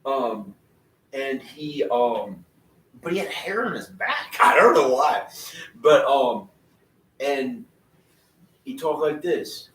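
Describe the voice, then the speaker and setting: A man's voice: medium pitch, expressive, takes it slowly, long pauses, a bit bright. Rambling man in an echoey room. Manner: rambling, restarts, laughs often. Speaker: vlogger. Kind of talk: rambling casual talk. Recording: echoey room, far from the mic, faint noise.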